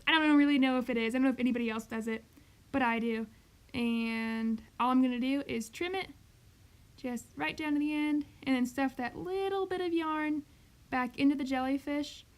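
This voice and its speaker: A woman's voice: sits high, normal speed. A young woman doing a rambling, chatty voiceover for a crochet tutorial, full of "like" and "um". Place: home craft recording, voiceover.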